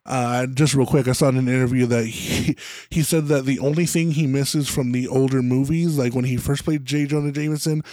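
A man's voice: medium pitch, fairly even intonation, brisk, darkish tone, dry recording. A man co-hosting a podcast, chatting casually about a movie into his own microphone, rambling and heavy on fillers. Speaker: podcast co-host. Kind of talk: casual movie recap chat. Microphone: own microphone close by.

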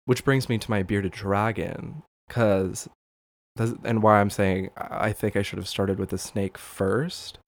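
A man's voice: lowish voice, steady tone, unhurried, vocal fry. A man hosting a casual solo podcast, rambling, swearing and laughing often, with many fillers. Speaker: podcast host.

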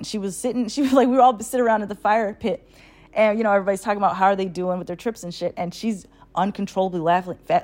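A woman casually telling a long personal story, animated, with plenty of fillers and swearing. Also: medium pitch. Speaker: channel host.

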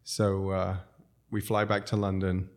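A man's voice: low-pitched, completely flat delivery, measured pace. A man from South Africa, a restaurateur guest, telling long rambling stories with frequent chuckles. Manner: rambling, chuckles often, self-interrupting. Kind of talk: casual storytelling.

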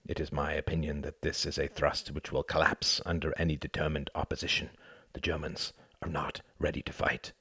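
A man voicing a grave, stern French general in an audiobook, with a rough voice. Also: very deep voice, level tone, a little fast, bright, forceful tone, no room sound, studio quality, full character voice. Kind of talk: audiobook character reading.

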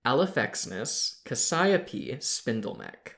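A young woman with a strikingly deep voice chats casually as a podcast host. Her pitch moves around a lot, lively and animated. She teases and laughs often. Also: slow pace. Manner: playful, teasing, laughs often. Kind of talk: casual chat.

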